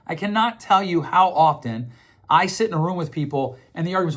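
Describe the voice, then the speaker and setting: A middle-aged man hosts a podcast in a fairly high, fairly bright voice, speaking a little fast with lively intonation. He explains ideas conversationally, repeats words as he thinks, and acts out the voices of people he quotes.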